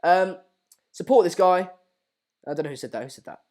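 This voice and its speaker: A man's voice: high-pitched, a little fast, a little mellow. A young man hosting a live-stream football watchalong, chatting casually and reading viewer comments with plenty of ums and uhs. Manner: chatty, reads out viewer comments with lots of fillers.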